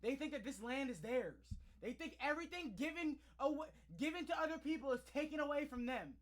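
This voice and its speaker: A man's voice: extremely high pitch, a little fast. A man hosting a reaction video, ranting in heated, profane commentary.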